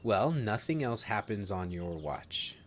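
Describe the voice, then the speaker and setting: A man running a tabletop role-playing game, narrating scenes in a measured, descriptive way with jokey asides. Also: lowish voice, sing-song. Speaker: game master.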